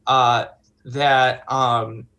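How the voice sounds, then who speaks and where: A man's voice: mid-range voice, level tone, drawn-out words, pushed and bright. A man playing a tabletop game, thinking aloud with hesitations. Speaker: player.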